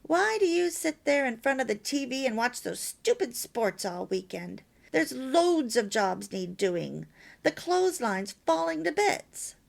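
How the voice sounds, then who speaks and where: Woman reading as a nagging wife, higher and louder, sharp, complaining, gravelly edge. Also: big pitch swings, unhurried, exaggerated voice. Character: nagging, irritable wife scolding her husband.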